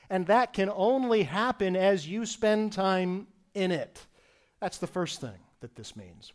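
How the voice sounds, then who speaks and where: A man preaching a sermon as pastor, earnest and emphatic, with softer reflective asides. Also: fairly high pitch.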